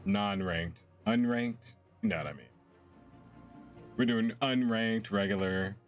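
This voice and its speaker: Young male streamer, low and easygoing, chatty with lots of laughs, game music faint underneath. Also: slow. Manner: relaxed, chatty, laughs often. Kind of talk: casual live-stream chat while gaming.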